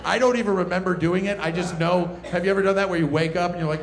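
A man doing a stand-up comedy set, telling a story excitably and laughing at his own jokes. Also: high-pitched, fast talker, gravelly, hardly any pauses, echoey room, crowd noise.

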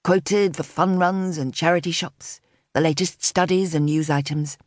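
Low-voiced woman narrating a novel. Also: steady tone, measured pace, no room sound, clean studio sound. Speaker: audiobook narrator. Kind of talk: scripted narration.

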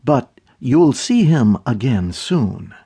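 A cold, menacing officer with a clipped, taunting delivery, as a male narrator performs him. The voice is husky and controlled. It is an audiobook villain. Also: medium pitch, very animated, slow pace, warm tone, heavily acted.

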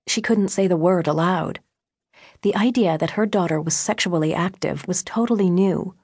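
A woman narrating an audiobook in a measured, intimate way, recorded on a close studio microphone. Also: fairly low pitch, darkish tone, breathy edge, no echo.

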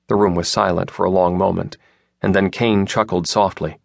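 A man narrating an audiobook in a steady, even way. His voice is fairly low. The studio recording is close and dry, with no room sound. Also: moderate pace, gravelly, dry recording.

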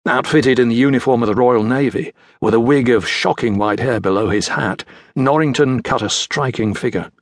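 A male narrator reading a children's adventure audiobook, his voice slightly husky and mid-pitched. The recording is dry and close, with no room around it. He tells the story in a measured, even manner. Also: dry recording. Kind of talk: scripted narration.

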